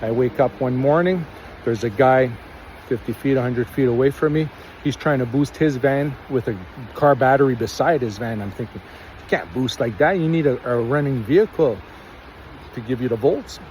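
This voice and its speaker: Casting: Canadian man, mellow low-key tone, rambling first-person storyteller, faint street traffic behind. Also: moderate pace, low-quality recording. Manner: rambling, earnest, acts out quotes.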